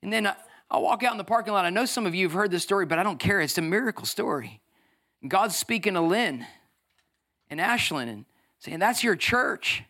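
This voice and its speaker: High, bright-voiced energetic preacher man. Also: brisk. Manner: energetic, acts out voices, swings from shouting to near tears. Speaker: pastor. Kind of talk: sermon.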